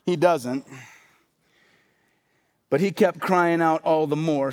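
High-voiced male pastor, conversational sermon, many rhetorical questions. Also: steady tone, slow, long pauses, clean tone.

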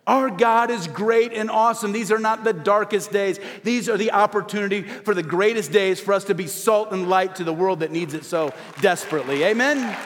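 High-voiced male pastor preaching in a hall. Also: normal speed, hardly any pauses, soft background music. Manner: emphatic preaching with repeated refrains and call-and-response. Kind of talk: sermon. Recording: hall reverb.

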